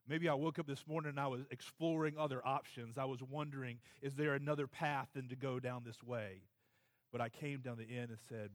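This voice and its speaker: Male pastor, casual Sunday sermon, weary and emotional, halting delivery. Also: mid-range voice, fairly even intonation, big-room sound. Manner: halting, filler-heavy, emotional. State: tired, close to tears. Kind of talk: conversational sermon. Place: church sanctuary.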